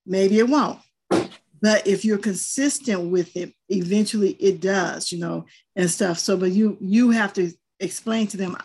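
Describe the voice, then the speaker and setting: A woman's voice: mid-range voice, unhurried, darkish tone, slight background noise. An older woman and grandmother, speaking in a firm, earnest way in a group discussion and telling stories from home. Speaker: panelist. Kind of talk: casual discussion.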